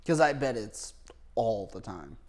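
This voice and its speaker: A man's voice: on the low side, big pitch swings, unhurried, a little mellow. A man co-hosting a comedy podcast in casual chat, joking, laughing often and swearing freely. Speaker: comedian and co-host.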